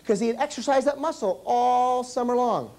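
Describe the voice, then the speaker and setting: A man's voice: very high-pitched, normal speed, noisy background. A man performing as a children's entertainer, telling a comic story on stage and firing questions at the kids. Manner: animated, quizzes the kids.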